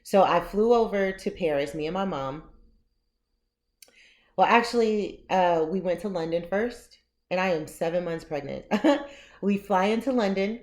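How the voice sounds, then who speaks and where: Low-voiced woman telling a personal story. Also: a little slow. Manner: animated, laughs often while telling the story. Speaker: vlogger and memoir author.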